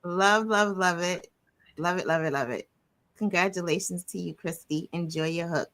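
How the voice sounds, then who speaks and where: A woman's voice: lowish voice, moderate pace, a bit bright, dry recording. A woman co-hosting a live craft stream on a video call, reading out viewer comments and gushing with big swoops of surprise.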